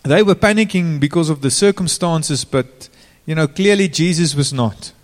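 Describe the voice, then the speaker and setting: Speaking at an ordinary pace in a slightly high voice, a man gives a relaxed sermon and turns to the congregation with pointed questions. A large hall's long reverb surrounds him.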